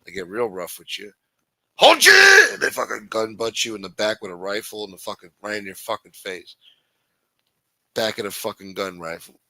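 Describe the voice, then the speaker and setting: A man's voice: lowish voice, steady tone, brisk, creaky, bright, forceful tone, no room sound, poor audio. A man hosting a livestream, ranting in an angry, profane, blunt manner. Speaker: host. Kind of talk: livestream political rant.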